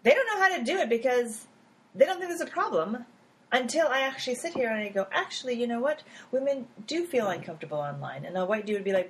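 A woman talking casually in an interview, with a lively, swooping pitch. She is animated, laughs often and acts out little quotes, with plenty of fillers and restarts. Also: quick pace, poor audio. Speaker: app founder.

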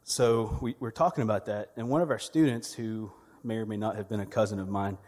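A man's voice: on the low side, fairly even intonation, fairly quick, darkish tone, long reverb tail. A man, delivering a sermon as a church media director, conversational and humorous with storytelling. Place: church sanctuary.

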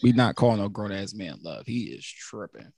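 A man hosting a casual podcast chat, slangy and rapid, often repeating himself. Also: lowish voice, very animated, gravelly, a loud crowd. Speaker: podcast host.

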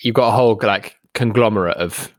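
A young man co-hosting a podcast from home, talking in a halting way with many restarts and easy laughter. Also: on the low side, no room sound, studio quality. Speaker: podcast co-host. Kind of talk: casual chat. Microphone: home microphone.

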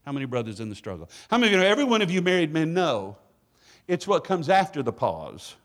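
A man's voice: on the high side, wildly swooping pitch, quick pace, a bit bright. A middle-aged man preaching a sermon in a church, joking and calling for responses from the congregation. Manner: playful, call-and-response with congregation. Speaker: guest preacher. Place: church sanctuary.

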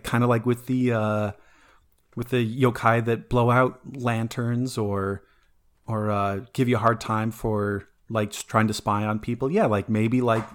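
A man co-hosting a podcast, talking about folklore in a casual, rambling way with lots of fillers and restarts. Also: medium pitch. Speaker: podcast co-host presenting folklore. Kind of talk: casual chat.

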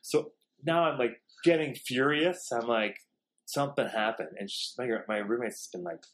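A man's voice: mid-range voice, a little hiss or hum. A man telling a story in casual, profane chat, acting out the other people in it. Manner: fast, profane, animated storytelling.

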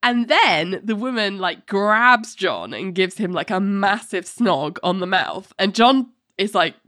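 A woman's voice: medium pitch, expressive, measured pace, fairly bright tone, no echo, studio quality. A woman recapping a TV episode in casual chat, sarcastic and full of "like" fillers. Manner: chatty, sarcastic, frequent "like" fillers, acts out quotes. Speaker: podcast co-host recapping a TV episode.

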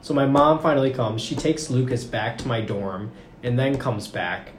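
A man's voice: medium pitch, normal speed. Young man rambling with constant "like"s. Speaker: podcast guest recounting a story. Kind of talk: casual storytelling chat. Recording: roomy room with faint noise.

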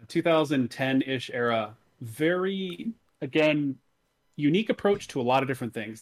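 A man co-hosting a podcast, explaining a game at length in a methodical, enthusiastic way. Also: medium pitch. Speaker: podcast co-host. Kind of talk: casual podcast chat about games.

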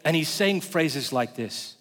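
A male pastor preaching a sermon in a conversational way, swinging between loud passages and hushed ones. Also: fairly high pitch, moderate pace. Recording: long hall reverb.

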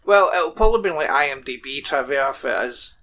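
A man's voice: mid-range voice, lively intonation, fairly quick, bright, forceful tone. A man co-hosting a casual podcast, chatting about a TV show and reading plot summaries aloud. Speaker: podcast co-host. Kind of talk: casual chat.

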